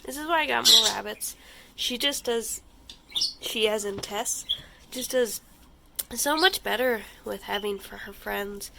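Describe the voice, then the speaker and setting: A woman's voice: fairly high pitch, a little slow, gravelly, very noisy. A woman chatting casually in a home vlog about her pets, rambling and giggling, cooing at the animals. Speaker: pet vlogger. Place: home pet room.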